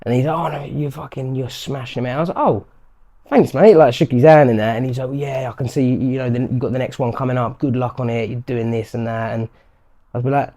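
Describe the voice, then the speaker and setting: A man's voice: mid-range voice, fairly even intonation, quick pace, warm tone. A man, a professional fighter, chatting casually in an interview and acting out what strangers say to him. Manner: chatty, acts out quotes of strangers. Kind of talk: casual chat.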